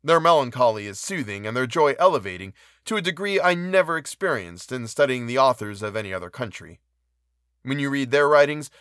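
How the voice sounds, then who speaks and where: A man reading a classic novel aloud in a measured, even narration. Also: mid-range voice, no echo, clean studio sound. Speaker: audiobook reader.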